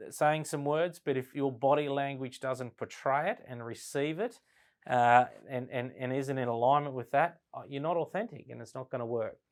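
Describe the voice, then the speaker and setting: A man leads a business lesson in a relaxed, conversational way. He keeps checking in with his listeners with "right?" and shifts his speed and loudness to show how tone changes meaning. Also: medium pitch. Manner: conversational, frequent "right?" tag questions; slows down and varies volume to demonstrate tone. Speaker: business sales trainer. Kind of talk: classroom lecture at a flip chart.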